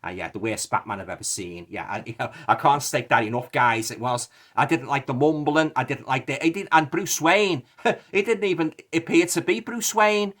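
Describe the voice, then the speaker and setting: A man's voice: medium pitch, moderate pace, a bit bright. A middle-aged man with a Liverpool accent, ranting indignantly in a rambling video review, repeating himself with lots of fillers. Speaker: movie reviewer.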